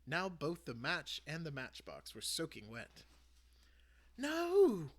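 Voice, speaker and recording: A man hosting his channel, reading a children's book aloud with an expressive delivery. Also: on the high side, a little slow. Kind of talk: storybook read-aloud.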